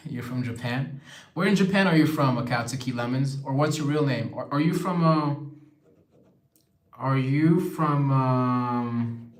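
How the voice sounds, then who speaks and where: Young man, casual livestream host, chatty, mid-pitched voice, reads comments aloud, roomy echoey sound. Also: unhurried. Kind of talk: casual live-stream chat. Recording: echoey room.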